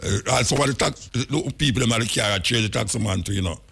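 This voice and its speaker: A man's voice: medium pitch, fast, vocal fry, fairly bright tone, husky. A Jamaican man hosting casual talk radio, rambling through anecdotes in patois and chuckling often. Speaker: radio talk show host.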